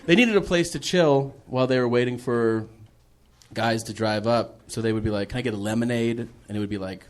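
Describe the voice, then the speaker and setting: A man's voice: medium pitch, moderate pace. A man telling a profane comic story as a podcast guest, laughing while he acts out the dialogue. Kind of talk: casual comedic storytelling.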